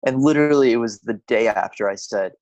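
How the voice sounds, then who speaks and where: A man co-hosting a podcast, chatting casually and telling rambling stories with halting restarts. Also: medium pitch, darkish tone, no room sound, highs cut off. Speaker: podcast co-host. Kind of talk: casual chat.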